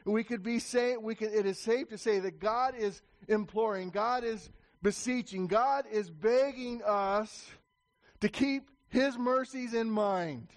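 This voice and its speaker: A man's voice: sits high, a little slow. A man preaching a sermon to his congregation in a church, emphatic and repetitive, raising his voice to call for attention. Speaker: pastor.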